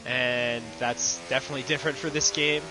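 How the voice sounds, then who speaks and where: A man giving co-commentary on an online racing qualifying session, talking through lines and lap times in a steady, analytical way. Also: medium pitch, brisk, noisy background.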